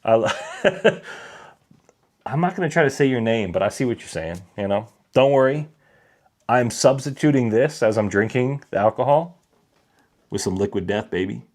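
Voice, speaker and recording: A man's voice: medium pitch, lively intonation, moderate pace, pauses often, a little mellow. A man hosting a casual whiskey livestream, chatting with viewers and reading their comments aloud. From Colorado.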